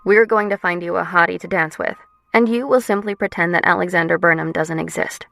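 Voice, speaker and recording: A woman's voice: on the low side, steady tone, fairly quick, vocal fry, a bit bright, no room sound, faint music behind. A woman voicing a brash young woman who is direct, bossy and foul-mouthed. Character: bold, brash young woman, blunt best friend.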